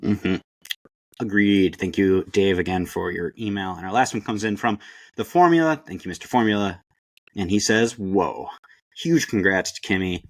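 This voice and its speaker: A man's voice: fairly low pitch, normal speed, no echo. A man co-hosting a podcast in casual chat, talking with many fillers and restarts. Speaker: podcast co-host.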